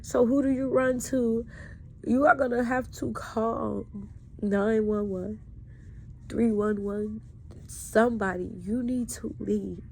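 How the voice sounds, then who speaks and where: A woman's voice: fairly high pitch, level tone, slow, gravelly, long pauses, a little hiss or hum. A woman talking straight to camera in a candid personal vlog, with raw, emotional, profane storytelling. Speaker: vlogger.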